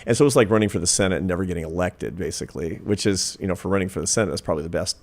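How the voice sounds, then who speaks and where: Deep-voiced man in his fifties telling a story. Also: rapid-fire. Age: 50s. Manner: earnest, reflective, builds to emphatic points. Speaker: guest, social scientist. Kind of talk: storytelling in a podcast interview.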